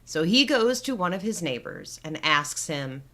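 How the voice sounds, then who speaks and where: A woman co-hosting a podcast, casually retelling a film plot as an animated storyteller. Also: fairly low pitch, measured pace. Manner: animated storyteller, laughs often. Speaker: podcast co-host.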